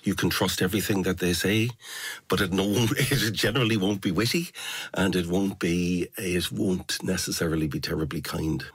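Low-voiced Irish man, reflective. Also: fairly even intonation, a bit bright, slightly rough, no echo. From Ireland. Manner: reflective, hesitant with pauses. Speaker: guest poet. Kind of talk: conversational interview.

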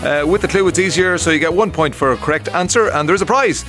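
Irish radio host guy, chatty, higher-ish voice, bit of music faint behind him. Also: sharp tone. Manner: chatty, friendly sign-offs, quick self-corrections. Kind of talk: casual radio chat and links. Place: radio studio.

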